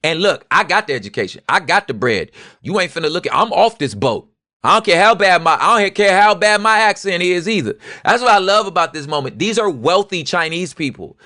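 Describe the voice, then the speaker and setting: Animated man with street-talk swagger. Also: high-pitched, a little fast, dry recording, clean studio sound. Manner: animated, swings from quiet asides to loud street-talk outbursts. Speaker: podcast co-host. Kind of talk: casual history commentary.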